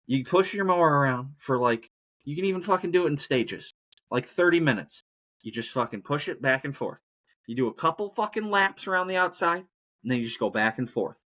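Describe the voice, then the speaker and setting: A man's voice: medium pitch, sing-song, normal speed, fairly bright tone. A man hosting a solo podcast, rambling casually and breaking into profane rants. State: injured knee, hobbling. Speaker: podcast host.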